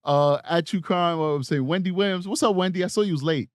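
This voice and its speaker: Male streamer host, higher register, emphatic and repetitive, dead dry room. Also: fast, dry recording. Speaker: true crime livestream host. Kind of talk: casual commentary, reading live chat.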